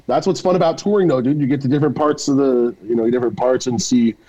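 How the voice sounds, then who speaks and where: A middle-aged man talks as a guest on a casual podcast. His voice is dark and mellow, and he rambles through loose, profane stories. He drops jokes and swears freely. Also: medium pitch, dull audio. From Mexican-American. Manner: profane, joking, drawn-out storytelling.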